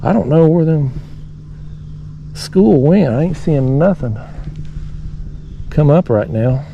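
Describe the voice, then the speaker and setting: A man's voice: on the high side, animated, slow, gravelly, lo-fi sound, slight background noise. A man casually narrating his fishing from a kayak on a lake, rambling folksily and talking to his viewers. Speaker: fishing vlogger. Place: kayak on a lake below a dam, outdoors.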